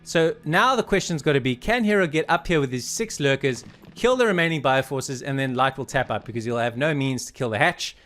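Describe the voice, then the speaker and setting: A man casting a video game match with animated commentary, urging the players on and out of breath. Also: medium pitch, fairly quick, hardly any pauses. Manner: animated, urges players on, laughs in disbelief. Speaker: game caster. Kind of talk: excited esports commentary.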